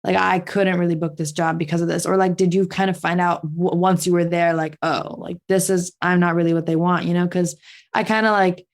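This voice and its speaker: A woman's voice: on the low side, fairly even intonation, brisk. A young woman, a dancer, asking a guest a question in a casual interview, hesitant and filling her speech with "like". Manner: hesitant, full of "like" fillers.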